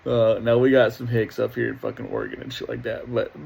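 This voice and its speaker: A man's voice: mid-range voice, huge pitch swings, moderate pace, vocal fry, darkish tone, husky, poor audio. A middle-aged man hosting a casual reaction video, talking in a profane, rambling way and laughing often.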